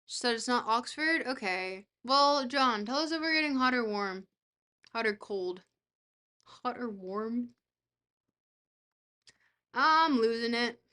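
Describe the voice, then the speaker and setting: A young woman streaming a geography guessing game, reacting excitably, swearing freely and talking to her chat. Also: on the high side, slow pace, pauses often. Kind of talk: casual live-stream chat while playing a geography game.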